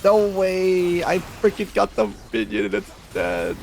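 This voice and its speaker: Gravelly man, excitable gameplay streamer. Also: sits high, moderate pace, slight background noise. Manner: reactive, exclamatory, self-critical. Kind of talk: live gameplay commentary.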